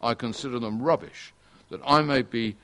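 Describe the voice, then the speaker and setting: A man's voice: mid-range voice, moderate pace, pushed and bright. An older man preaching an earnest sermon, repeating key phrases for emphasis.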